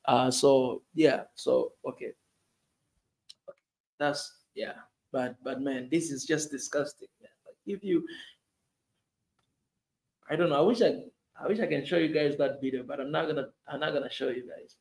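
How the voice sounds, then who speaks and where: A man's voice: mid-range voice, normal speed, gravelly, long pauses, darkish tone. A man giving impassioned, casual commentary on the news, repeating himself and saying "man" often. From Tanzania. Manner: emotional, repetitive, says "man" often, voice rising in outrage.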